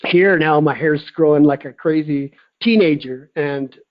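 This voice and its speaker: Excited fifties man on a dull line. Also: fairly high pitch, unhurried. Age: 50s. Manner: excited, animated storytelling. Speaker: caller giving a testimonial. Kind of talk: casual phone-in testimonial.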